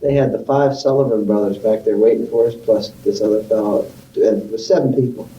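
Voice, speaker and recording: A man's voice: fairly low pitch, brisk, dark tone, echoey room, distant mic, highs cut off, slight background noise. A man being interviewed, telling rambling stories about his youth and acting out other people's voices.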